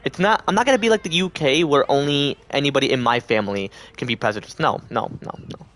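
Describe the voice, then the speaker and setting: A male livestreamer chats with his audience in a mid-pitched, slightly bright voice, talking fast. He rambles casually and unscripted from one thought to the next, slipping into little put-on voices to act out what others might say.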